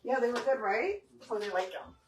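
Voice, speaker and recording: A woman's voice: on the high side, expressive, normal speed, very noisy. A woman hosting a casual live cooking stream from her home kitchen, chatting with viewers and dropping in Spanish words. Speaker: cooking livestream host.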